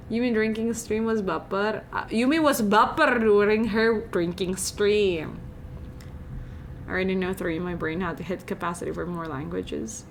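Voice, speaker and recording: A woman's voice: medium pitch, moderate pace, a little hiss or hum. A young woman from Indonesia, chatting playfully and giggling as she reads and answers her viewers' messages on a live stream.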